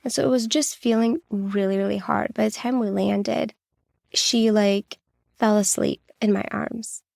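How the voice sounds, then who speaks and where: A woman in her thirties tells personal stories on her podcast, candid and reassuring, with "like" scattered through her speech. Her voice has a gravelly, fried edge. The recording is dry and close, with no room sound. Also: mid-range voice, steady tone, measured pace, a little mellow, no echo. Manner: candid, reassuring, with many "like" fillers. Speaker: podcast host.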